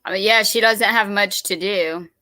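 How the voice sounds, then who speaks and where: A woman's voice: mid-range voice, normal speed, sharp tone, dry recording. A woman hosting a live stream, reacting to videos with incredulous, chatty asides to her viewers.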